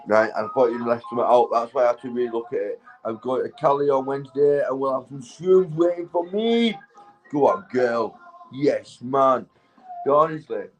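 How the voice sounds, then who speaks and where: A British man, high, rambling loosely and laughing between crude remarks while chatting on a livestream. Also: rough recording. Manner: rambling, sweary, laughs often. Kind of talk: rambling casual livestream chat.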